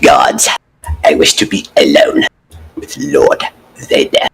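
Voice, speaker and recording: A man voicing a scheming sinister old male emperor, hushed and breathy. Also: a bass voice, animated, slow, full character voice.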